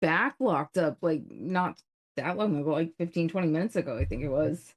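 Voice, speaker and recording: A woman's voice: deep voice, expressive, normal speed. A woman co-hosting a live show in casual chat, blunt and swearing freely.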